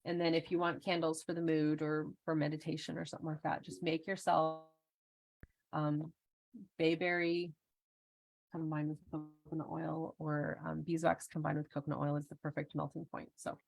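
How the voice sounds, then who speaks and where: A middle-aged woman runs an online workshop like a relaxed live chat, laughing a lot and filling her talk with fillers. Her voice is low and gravelly, flat in delivery, at a moderate pace.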